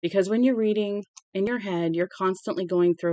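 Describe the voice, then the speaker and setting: An amateur audiobook reader giving a casual read-aloud with chatty asides, stumbling on words and correcting them out loud. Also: medium pitch, a little fast, few pauses, no echo. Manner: conversational and unpolished.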